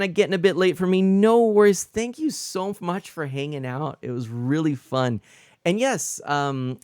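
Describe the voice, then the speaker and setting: Male game streamer, mid-pitched, rambling and chatty with his viewers, close and dry with no room sound. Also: a little mellow, clean tone, dry recording. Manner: rambling, answers chat, many fillers and restarts. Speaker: live streamer. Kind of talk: casual live-stream chat while playing.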